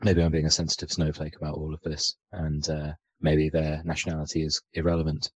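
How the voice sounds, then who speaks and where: Deep-voiced man chatting about films. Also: monotone, a little fast, husky, no room sound, low-quality recording. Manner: rambling, hesitant, many fillers and restarts. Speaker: podcast co-host. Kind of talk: casual film discussion.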